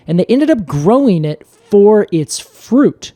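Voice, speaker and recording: A man co-hosting a podcast, telling the story in a playful, animated way in casual chat. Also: high voice, measured pace, no room sound, clean studio sound. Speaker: podcast co-host.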